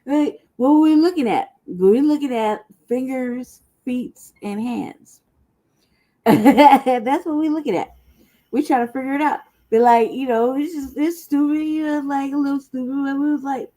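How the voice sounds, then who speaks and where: A woman's voice: high voice, measured pace, dark tone. A woman from the American South co-hosting a podcast, telling stories in casual, profane chat and laughing often. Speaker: podcast co-host.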